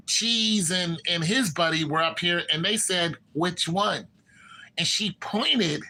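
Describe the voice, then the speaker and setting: Animated man with a bright voice. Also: low-quality recording. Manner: animated, acts out characters' lines with shifts in pitch. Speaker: TV show commentator. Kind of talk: casual recap and opinion.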